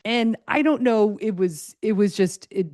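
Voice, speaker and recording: A middle-aged woman hosting a casual solo podcast, talking excitedly in a loose, rambling way with lots of fillers and restarts. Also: medium pitch, measured pace, no echo, clean studio sound. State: a little choked up, tired. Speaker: podcast host.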